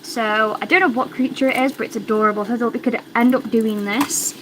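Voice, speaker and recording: A young British woman hosts a casual crafting livestream from home, her voice sitting on the higher side as she rambles from one thought to the next. She talks in an excitable, chatty way and often repeats her words. Steady background noise runs under her voice on the stream. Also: brisk. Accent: British English. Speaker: crochet livestreamer.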